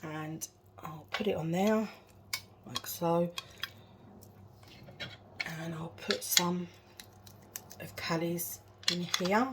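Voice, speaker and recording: A woman with a fairly low voice draws out her words and pauses often while vlogging from her home kitchen. She chats casually through each cooking step and laughs at herself, and dishes and cutlery clatter in the background.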